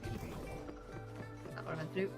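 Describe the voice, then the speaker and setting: A woman's voice: brisk, loud music behind the voice. A woman with an Irish accent casually commenting on her gameplay as a streamer, swearing freely and poking fun at herself. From Ireland. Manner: swears freely, self-mocking.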